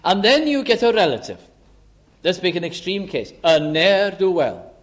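A man's voice: sits high, big pitch swings, normal speed. A man preaching a sermon, who explains scripture and acts out little dialogues between characters.

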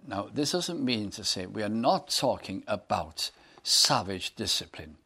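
A man's voice: lowish voice, animated, measured pace, vocal fry, pushed and bright, husky. A man preaching a sermon, reading scripture aloud and putting earnest questions to his listeners.

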